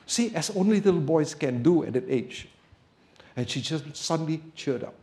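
A male preacher telling a story in a sermon, going from soft, quiet storytelling to loud, emphatic preaching. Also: fairly high pitch, animated, normal speed.

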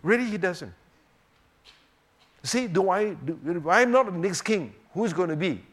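A man teaching a sermon on the Psalms, swinging between emphatic rhetorical questions and hushed, quiet moments. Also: high voice, expressive, unhurried. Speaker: preacher.

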